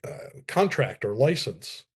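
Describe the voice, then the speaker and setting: A mid-pitched man explains legal points on a podcast. He builds each idea step by step, with small restarts, in a measured, steady way. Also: breathy edge. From New Jersey, USA. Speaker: copyright expert guest.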